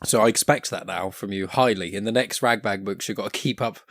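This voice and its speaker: A man's voice: fairly low pitch, brisk, creaky, a bit bright, no room sound, studio quality. A man hosting a podcast, chatting in a friendly, enthusiastic way and laughing often. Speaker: podcast host. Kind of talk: casual podcast chat.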